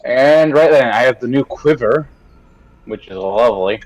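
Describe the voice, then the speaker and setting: A man's voice: medium pitch, lively intonation, normal speed, low-quality recording. Chatty joking man playing a tabletop game. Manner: chatty, jokey, says "right then". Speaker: player. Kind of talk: casual tabletop game chat.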